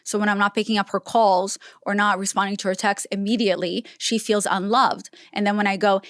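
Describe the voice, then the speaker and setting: A young woman talks as a podcast guest in easy, casual conversation. She tells her stories by acting out what people said. Her voice sits at a medium pitch and sounds dry, with no room echo. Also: little pitch movement, brisk, a bit bright. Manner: storytelling, acting out quoted dialogue. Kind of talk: casual interview chat.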